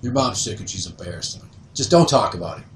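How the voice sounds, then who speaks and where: Animated storyteller man, roomy sound. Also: sits low, fast talker, a little hiss or hum. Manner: animated, acts out other people's voices. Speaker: podcast host. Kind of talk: casual storytelling. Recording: roomy sound, voice distant from the mic.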